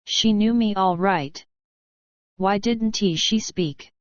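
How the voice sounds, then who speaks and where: A woman voicing a shifty, nervous male bushman who talks in slow, colloquial bush speech. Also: medium pitch, no room sound, dull audio, close to an everyday voice. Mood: suspicious.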